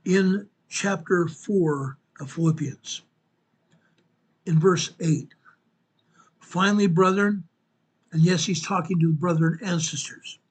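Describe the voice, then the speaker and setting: A man's voice: high voice, slow pace, pauses often, slightly rough. A man in his sixties, a show host and Sunday school teacher, giving an earnest, repetitive sign-off and reading scripture aloud. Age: 60s.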